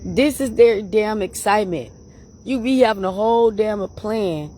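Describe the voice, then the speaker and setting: A woman hosting her own channel, telling stories to her viewers in a casual, animated way, laughing often and calling them y'all. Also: mid-range voice, a little slow. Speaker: channel host.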